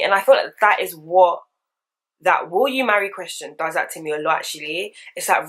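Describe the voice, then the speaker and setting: Young woman, deep-set voice, candid slangy vlogger chat. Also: fairly quick. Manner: candid, slangy, animated storytelling. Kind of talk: casual get-ready-with-me chat.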